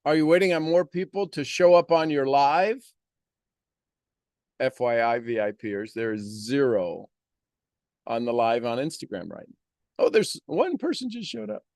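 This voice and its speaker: A man's voice: mid-range voice, very animated, a little slow, long pauses, a little mellow, no room sound, studio quality. A man giving a motivational monologue on a live stream, preaching with repeated rhetorical questions.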